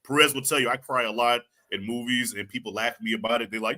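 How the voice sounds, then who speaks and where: A middle-aged man in casual chat, telling stories with energy and acting out quotes loudly. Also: mid-range voice, fast. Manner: animated storyteller, acts out quotes loudly.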